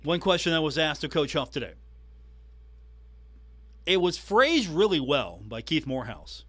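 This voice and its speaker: Man, sports podcast host, somewhat high voice, emphatic recap delivery. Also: very animated, a little slow, a bit bright.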